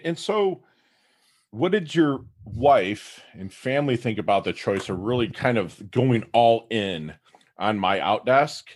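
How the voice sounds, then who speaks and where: Low-voiced host dude, bouncy pitch, lots of eager "awesome"-style affirmations. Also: male voice. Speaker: podcast host. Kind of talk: casual interview.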